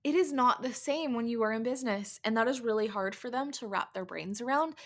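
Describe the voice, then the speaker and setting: A woman's voice: fairly high pitch, brisk. A woman in her thirties hosting a podcast, giving a candid, conversational talk to mothers and often saying "like" and "right?". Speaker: podcast host and coach. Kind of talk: casual podcast monologue.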